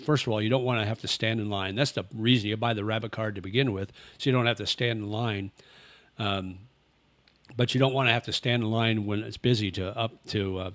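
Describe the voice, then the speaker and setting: A man's voice: fairly low pitch, no room sound. An older man hosting a casual livestream, rambling easily and answering chat questions. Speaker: livestream host. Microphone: webcam with face tracking.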